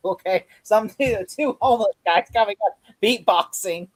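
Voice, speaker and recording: A man's voice: high-pitched, normal speed, no room sound. Podcast co-host, male, laughs and curses while retelling scenes, dry close mic. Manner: laughing, swearing, acting out scene lines. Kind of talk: casual chat.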